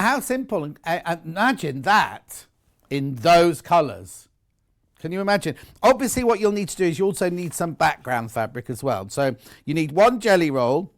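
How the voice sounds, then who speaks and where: A middle-aged man presenting products live on a home shopping channel, chatty, enthusiastic and jokey about himself. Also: a little high.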